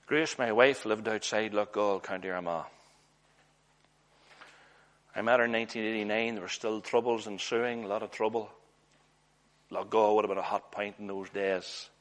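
Male preacher, lowish voice, earnest storyteller with hushed asides. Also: steady tone, brisk. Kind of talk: sermon.

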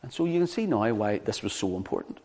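A male preacher giving a Bible-teaching sermon in a fairly low voice. He is animated, and he keeps checking in with the listeners through rhetorical questions. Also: fast.

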